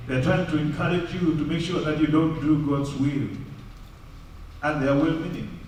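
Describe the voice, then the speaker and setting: A pastor preaching a sermon in a church, moving between loud raised lines and low quiet ones. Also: male voice, fairly even intonation, moderate pace, slight background noise. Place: church hall. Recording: very echoey church from far off.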